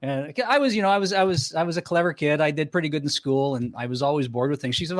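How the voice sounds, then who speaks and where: A man's voice: fairly high pitch, fast talker, few pauses. A middle-aged man with a South Florida accent, a podcast guest telling stories animatedly and acting out dialogue with many restarts. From Canada, raised in Florida. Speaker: podcast guest, sales trainer. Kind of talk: casual interview storytelling.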